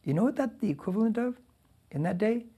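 Gravelly, animated male pastor preaching. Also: high voice, quick pace. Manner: conversational, animated preaching with asides. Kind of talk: verse-by-verse sermon.

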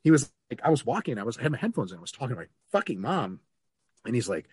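A man from Russia, a podcast guest, telling stories in a lively, profane way and laughing between lines. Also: mid-range voice, very fast, breathy edge, dry recording. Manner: animated storyteller, swears freely, laughs mid-story. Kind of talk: casual podcast chat.

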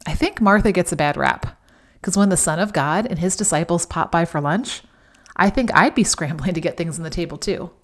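A middle-aged woman hosting a devotional podcast in a chatty, emphatic way, with sudden animated outbursts. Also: lowish voice. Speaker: podcast host.

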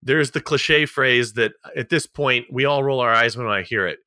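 Emphatic, motivational man, bright dry voice. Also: mid-range voice, normal speed, no room sound. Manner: emphatic, motivational, repeats key phrases; a little sarcastic. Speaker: podcast co-host. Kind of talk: casual podcast chat.

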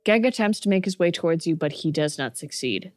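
A woman narrating as game master of a tabletop game, dry and deliberate. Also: lowish voice, animated, a little mellow, faint music behind.

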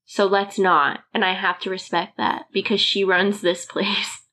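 A woman's voice: medium pitch, little pitch movement, moderate pace, pushed and bright. A woman chatting casually and laughing, telling stories about her dog and voicing its thoughts. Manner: chatty, giggly, voices her dog's thoughts. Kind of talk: casual chat.

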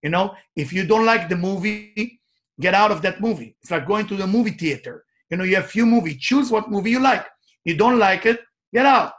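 A man who works as a life coach gives an emphatic motivational talk, telling personal stories in animated, non-native English phrasing. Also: high voice, fairly quick.

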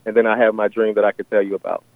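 A man's voice: fairly low pitch, little pitch movement, very fast, gravelly, dry recording. A man calling in to a radio show to describe a vision, hesitant and full of fillers and restarts. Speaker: caller. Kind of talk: phone-in call sharing a vision. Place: on a phone call. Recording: tinny phone line, dry.

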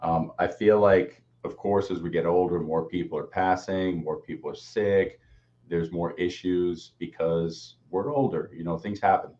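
A man with a very low, deep voice co-hosts a casual talk show, offering earnest, explanatory reflections. His audio sounds dull and lo-fi. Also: fairly even intonation, normal speed, darkish tone. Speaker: co-host, teacher.

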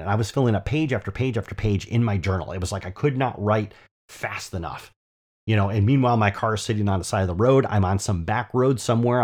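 A man's voice: on the low side, a little mellow. A man hosting a podcast, telling a personal story in a chatty, enthusiastic way and often checking in with "right?". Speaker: podcast host. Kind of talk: casual storytelling monologue.

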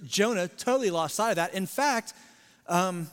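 High-voiced preacher in a reverberant sanctuary. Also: male voice, animated, normal speed, smooth. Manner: dynamic, swinging from loud emphasis to hushed near-whisper; conversational asides to the congregation. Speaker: lead pastor. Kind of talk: sermon. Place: large church sanctuary. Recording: long hall reverb in a large sanctuary.

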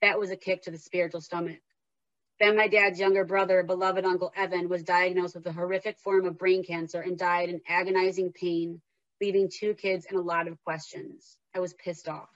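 A woman's voice: lowish voice, flat delivery, fairly quick, no echo, highs cut off. A woman host talking candidly and heartfelt, then reading aloud from her own memoir. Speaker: podcast host and memoir author.

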